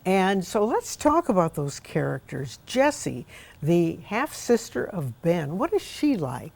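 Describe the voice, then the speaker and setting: A woman's voice: fairly low pitch, very animated, unhurried, vocal fry, darkish tone. A middle-aged woman hosting a casual book discussion, chatty and asking her guest questions. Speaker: host.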